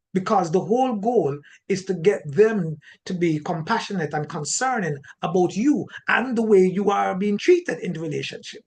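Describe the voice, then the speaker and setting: A man with a Jamaican accent giving an animated teaching talk on marriage, often repeating words and restarting his sentences. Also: sits high. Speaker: relationship teacher.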